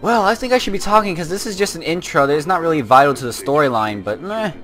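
A man's voice: on the high side, expressive, fast talker, fairly bright tone, faint music behind. A man giving casual let's play commentary on a war game, full of chatty, rambling asides.

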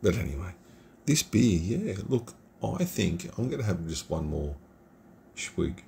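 A middle-aged man from Australia rambles through a casual beer review in his home computer room. His voice sits very low and carries a gravelly edge. He speaks slowly, and a faint hiss runs under the recording. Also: sing-song, mellow. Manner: rambling, chatty and informal.

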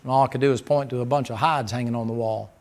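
A man's voice: medium pitch, fairly even intonation, quick pace. A man preaching a sermon as pastor, folksy and emphatic, firing rhetorical questions at the congregation.

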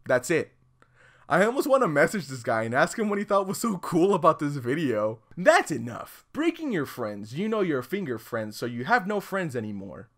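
A man giving comedic video commentary, sarcastic and prone to loud outbursts. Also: a little high, big pitch swings, normal speed.

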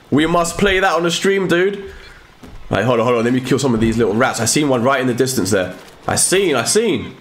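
Excitable man streaming a game. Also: mid-range voice, slight background noise. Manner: excitable, shouting and exclaiming at the game. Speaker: gaming streamer. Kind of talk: live gameplay commentary.

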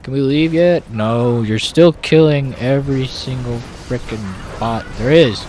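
A man's voice: mid-range voice, a little slow, few pauses, a little mellow. A man talking through a video game session in a loose, grumbly way, often snapping back at the characters on screen. His voice sits in an ordinary middle register, with a faint hum of room ambience behind him. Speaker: gaming channel host. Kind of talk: casual gameplay commentary.

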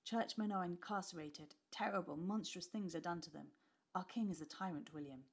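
A woman voicing a frightened, weary Tudor father who speaks in an urgent, hushed voice. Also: fairly low pitch, brisk.

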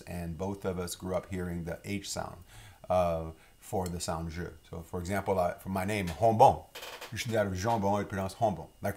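Middle-aged Cajun man, lowish voice, casual rambling teacher. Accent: Louisiana Cajun. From Louisiana, Lafourche Parish. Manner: relaxed, rambling, with many fillers and restarts. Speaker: French teacher. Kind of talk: casual online lesson.

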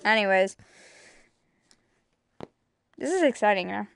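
A woman's voice: mid-range voice, animated, slow pace, gravelly. A woman streaming a game, chatting casually in a playful, whiny way, swearing and laughing often. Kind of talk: casual gaming stream chat.

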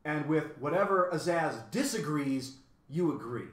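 A man's voice: fairly high pitch, expressive, a little slow, fairly bright tone, voice pushed up. A man voicing a curious, earnest young boy in a storybook, recorded in an echoey room.

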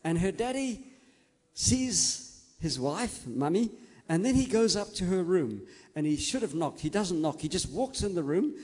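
A man tells a story to a group of children, gentle and coaxing, checking in with them as he goes. His voice sits a little high. It carries a long echo through a large hall. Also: very animated, unhurried, husky.

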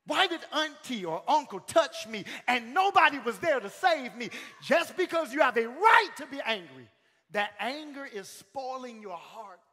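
A male pastor preaching a sermon in a church, calling out to the congregation, swinging from shouted peaks to sudden quiet lines. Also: very high voice, animated, moderate pace. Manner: calls out to the congregation. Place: church sanctuary. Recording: long hall reverb.

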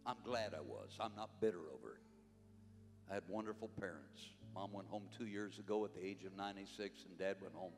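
An older man preaching a sermon, fervent, rising to shouts and dropping low. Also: a little fast. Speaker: conference preacher. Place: church sanctuary. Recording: long hall reverb, faint music behind.

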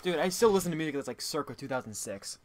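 A young man co-hosting a game playthrough in a relaxed, joking way. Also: a little high, quick pace. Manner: laid-back, joking. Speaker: let's play co-host. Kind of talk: casual gameplay commentary.

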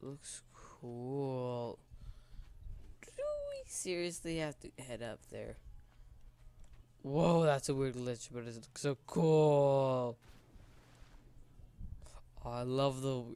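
A man's voice: mid-range voice, drawn-out words, pauses often, dark tone, clear, resonant tone. A man giving casual gameplay commentary in nervous, rambling remarks. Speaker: gamer.

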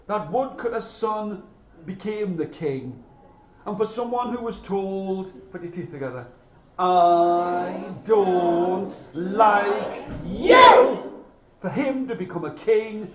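A male storyteller performing a folk tale for children, with a high, sing-song voice that rises and falls a lot. He draws the listeners in and gets them to join. The sound is dull and echoey, like a school hall, with loud music around. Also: slight background noise. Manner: lively, dramatic, calls on the audience to join in.

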